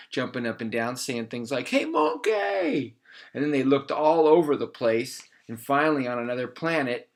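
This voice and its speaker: Man, middle pitch, storyteller: improvised kids' tale, playful and animated. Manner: animated, playful, slows for emphasis.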